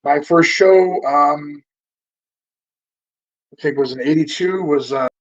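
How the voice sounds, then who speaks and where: Man in his fifties, fairly high voice, rambling and profane podcast guest, dull lo-fi audio. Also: takes it slowly. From Southern California. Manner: rambling and profane, full of fillers and restarts. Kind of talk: casual storytelling interview.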